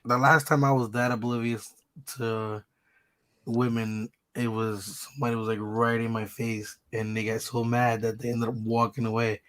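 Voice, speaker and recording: A hoarse man with a deep, gravelly voice joins a casual livestream chat as a guest. He jokes and teases the others, and his sore throat roughens every word. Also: little pitch movement, normal speed, fairly bright tone.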